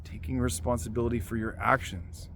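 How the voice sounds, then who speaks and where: A man's voice: medium pitch, steady tone, fairly quick, vocal fry, fairly bright tone, slight background noise. A man hosting a motivational talk for fathers, speaking earnestly and often restarting his sentences. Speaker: life coach and host.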